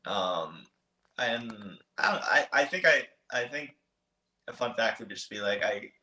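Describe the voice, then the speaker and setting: Guesting on a podcast for a casual interview, a motocross racer in his twenties speaks hesitantly, full of ums and restarts. His lowish voice is lively in intonation, a bit slow, bright, and forceful, with a roomy echo around it.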